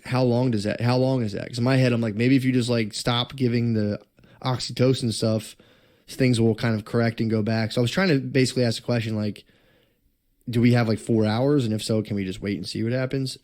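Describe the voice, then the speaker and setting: A young man in casual podcast chat, tumbling through a story with swearing and restarts. His voice sits at an ordinary middle pitch, and he talks with excitable energy. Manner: profane, rambling, excitable storytelling. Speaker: podcast co-host.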